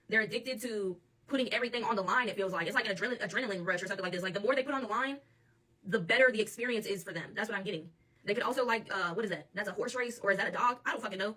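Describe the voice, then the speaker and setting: Tarot reader, woman, AAVE, quick and sharp-toned, mic set back a bit. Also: mid-range voice, recorded from a distance. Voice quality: blunt and profane, laughs often. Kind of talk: channeled tarot reading monologue.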